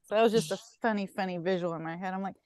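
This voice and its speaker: Female podcast co-host, mid-pitched, chatty and playful, dry close sound. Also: racing, dry recording. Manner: animated, playful storytelling with laughs and asides. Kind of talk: casual podcast chat.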